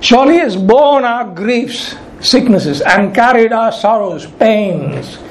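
Man preaching, high voice, emphatic and deliberate, echoey room. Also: animated. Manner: emphatic, slows to stress key words and repeats them. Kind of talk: sermon. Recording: echoey room with faint ambient noise.

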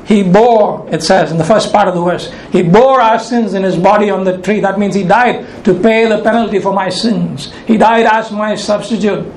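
A man preaching a sermon, reading scripture and slowing down to stress key words, repeating them for emphasis. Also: high-pitched. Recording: echoey room with faint ambient noise.

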